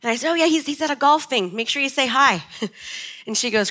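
A woman's voice: on the high side, fast, bright, forceful tone. A woman in her forties giving a chatty, nervous motivational talk on stage to a live audience. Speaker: motivational speaker.

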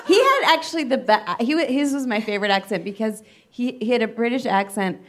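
A woman's voice: on the high side, lively intonation, brisk. A woman chatting as a podcast guest, telling funny self-deprecating stories in front of a live audience. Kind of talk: casual podcast chat.

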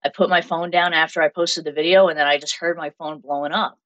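A woman in her twenties with a Massachusetts accent, telling stories as an interview guest in an animated way with frequent laughter. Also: deep voice, fast talker, dull audio. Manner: animated storytelling, laughs often. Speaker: guest makeup artist. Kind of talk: casual interview chat.

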